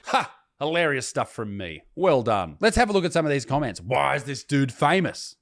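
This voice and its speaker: A man's voice: mid-range voice, very animated, moderate pace, a bit bright. A man, a comedian ranting sarcastically and with heavy swearing while reading comments aloud. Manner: sarcastic, profane, mocking. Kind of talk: reacting to comments, casual rant.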